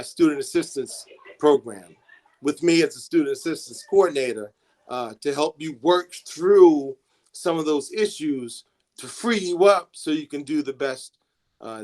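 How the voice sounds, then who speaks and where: A man's voice: medium pitch, a little mellow. A man, a student assistance coordinator, talking to students in a classroom with many restarts and fillers.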